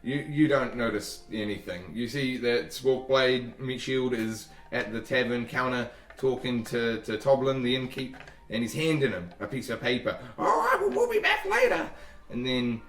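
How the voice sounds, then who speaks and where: A man's voice: medium pitch, fairly even intonation, normal speed. A man narrates a tabletop game as dungeon master, in a loose, rambling way with many restarts. His voice sits in a middle range. The recording is roomy and picked up from some distance. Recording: echoey room, far from mic.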